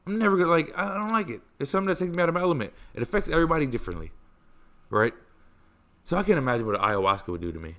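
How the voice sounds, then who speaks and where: A man hosting a podcast, telling stories in a casual, animated way, swearing freely and stressing points through repetition. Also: fairly high pitch, rapid-fire. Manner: animated, profane, emphatic repetition. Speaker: podcast host. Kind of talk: casual storytelling chat.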